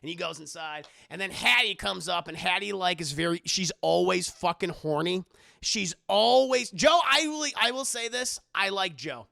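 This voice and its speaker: Animated, profane male streamer. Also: high-pitched, moderate pace, vocal fry, no room sound, clean studio sound. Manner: animated, profane, talks to chat. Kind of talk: casual profane film recap.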